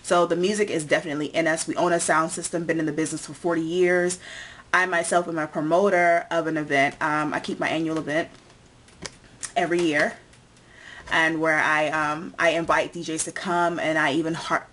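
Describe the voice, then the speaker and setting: A woman's voice: sits low, flat delivery, brisk, a bit bright, a little hiss or hum. A young woman born in the United States, chatting casually in a tag video and listing things one by one with many fillers. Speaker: vlogger.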